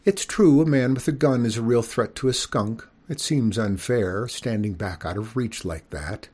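A man's voice: medium pitch, normal speed, darkish tone, breathy edge, lightly acted. A man reading an audiobook, voicing a prim, genteel widowed mother skunk who lectures in a proper manner. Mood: gentle.

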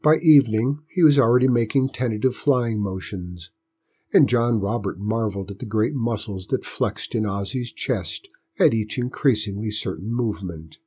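Husky-voiced male storyteller. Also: on the low side. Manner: steady, measured reading. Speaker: narrator. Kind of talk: storybook reading.

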